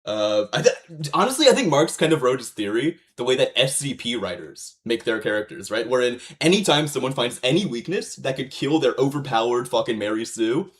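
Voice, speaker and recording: A man's voice: medium pitch, lively intonation, fairly quick, few pauses. A man doing casual livestream commentary, reacting to a video, rambling and swearing with frequent fillers and restarts.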